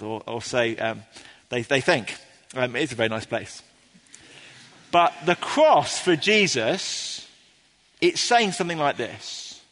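A man's voice: medium pitch, expressive, a little slow, pauses often, fairly bright tone. Earnest preacher man in a reverberant church. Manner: earnest, explanatory, with frequent ums and restarts. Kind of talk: sermon. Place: church before a congregation.

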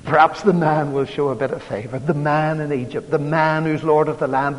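A man's voice: fairly high pitch, steady tone, brisk, few pauses, dull audio. A man preaching a sermon, telling a story dramatically with strong emphasis. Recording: long reverb of a large hall.

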